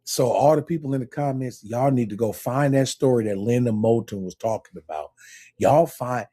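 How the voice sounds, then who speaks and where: Brief: husky man, mellow low tone, insistent and repetitive when making a point. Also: moderate pace. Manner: insistent, repeats "listen" to hold the floor. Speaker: livestream participant. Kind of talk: casual live chat.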